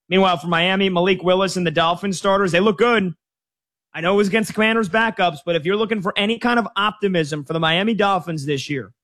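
A man hosting a sports talk show, bantering energetically about games and trivia with his crew. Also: sits high. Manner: energetic, animated, jokey. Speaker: sports radio host.

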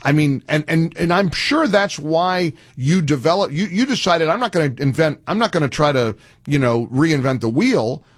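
A man's voice: on the high side, animated, normal speed, few pauses, dry recording, clean studio sound. A male radio talk show host making an earnest, pleading appeal, often restarting his sentences.

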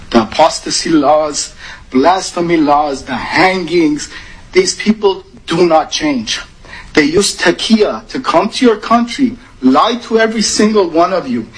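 Husky, impassioned man from Iran. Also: on the high side, rough recording. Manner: emotional, urgent, emphatic. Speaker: public commenter. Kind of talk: impassioned public comment.

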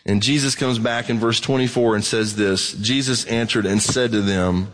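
A man preaching a sermon as pastor, plainspoken and blunt, swinging between excited and hushed delivery. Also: fairly low pitch. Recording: long hall reverb.

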